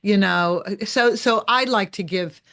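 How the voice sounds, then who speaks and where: A woman hosting a casual chat, asking probing questions and reflecting out loud, with an expressive delivery. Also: mid-range voice, measured pace. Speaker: host.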